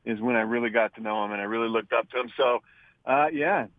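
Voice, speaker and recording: A man's voice: medium pitch, fast talker, no echo. A man calling in as a radio guest, talking in a rambling way with many hesitations. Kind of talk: casual interview. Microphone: phone line. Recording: tinny phone line.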